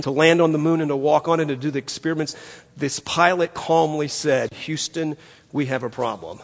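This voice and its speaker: A man's voice: fairly high pitch, in a large hall. An older man preaching a sermon as pastor, emphatic and conversational, telling stories to make his point. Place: church sanctuary.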